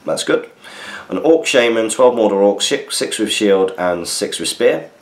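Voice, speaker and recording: Male podcast host, chatty and easygoing, deeper voice, answers listener mail, echoey room sound. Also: lively intonation, unhurried. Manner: chatty, reads listener messages aloud with asides. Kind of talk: casual chat. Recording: roomy echo.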